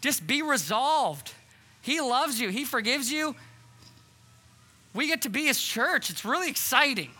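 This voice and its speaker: A man's voice: very high voice, bright, forceful tone. A man preaching a sermon as pastor, earnest and urgent, posing questions to the congregation. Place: church hall.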